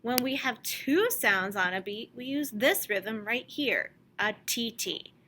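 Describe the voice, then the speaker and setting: A woman music teacher speaks to young children in a slow, patient voice and chants simple rhythm syllables for them to repeat. Her voice sits a little high and sounds bright and forward. A faint hiss of background noise runs under the recording. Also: expressive.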